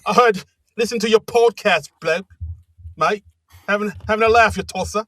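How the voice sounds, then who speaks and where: A man's voice: high-pitched, moderate pace, fairly bright tone, no room sound, pitched above the performer's own voice. A man voicing a rowdy young male rugby player in a put-on Cockney accent, taunting and mocking.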